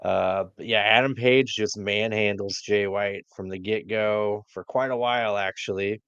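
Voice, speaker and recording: A man's voice: lowish voice, steady tone, normal speed, fairly bright tone, smooth, dry recording. A man co-hosting a wrestling podcast, recapping matches in a laid-back way with many fillers. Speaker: podcast co-host. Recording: dull lo-fi dry sound.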